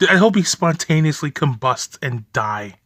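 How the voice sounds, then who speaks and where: A man's voice: a little high, lively intonation, normal speed, fairly bright tone, dry recording. Furious, profane young man ranting. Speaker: video reaction host. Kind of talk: angry reaction commentary.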